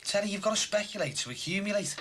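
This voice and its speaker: A cocky, boastful man, teasing smugly as he brags. His voice is mid-pitched and sing-song, rising and falling a lot. The sound is a noisy TV broadcast. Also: expressive, fast, fairly bright tone.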